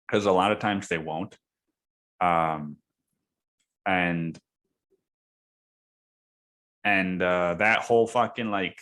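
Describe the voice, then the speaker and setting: A young man with a fairly low voice tells a story on his podcast in loose, slangy chat. He swears often and keeps saying dude and man. When he quotes other people he jumps into high, shouted voices. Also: slow pace, vocal fry, pauses often. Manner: profane, slangy, says dude and man a lot; acts out quoted voices with sudden high yelling. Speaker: podcast host. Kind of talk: casual storytelling monologue.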